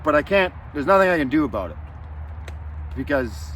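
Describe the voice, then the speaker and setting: A man's voice: on the high side, sing-song, moderate pace, a bit bright, a little hiss or hum. A man telling a story in a casual, profane and rambling way, angry as he talks. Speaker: vlogger.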